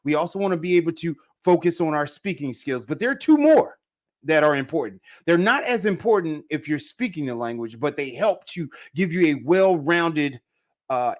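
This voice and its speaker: A man teaching a live online language lesson, upbeat and talking straight to viewers in the chat, often saying "all right". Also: a little high. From Jamaica. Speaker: Spanish teacher.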